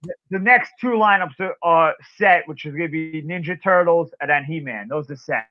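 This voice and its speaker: A man's voice: fairly high pitch, normal speed, no echo. A man hosting a podcast in casual chat, rambling with restarts as he wraps up the show. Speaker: podcast host. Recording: dull, lo-fi sound.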